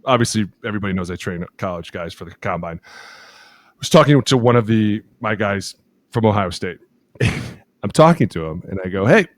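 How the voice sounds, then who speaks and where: A man in his thirties, a podcast co-host telling lively locker-room stories, acting out quotes and laughing often. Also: fairly low pitch, normal speed, no echo. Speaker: podcast co-host, former offensive lineman. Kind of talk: casual chat, animated storytelling.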